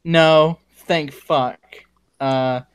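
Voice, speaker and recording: A man's voice: fairly high pitch, fairly even intonation, very slow, smooth. A man in a casual group voice chat, mocking and laughing, swearing heavily.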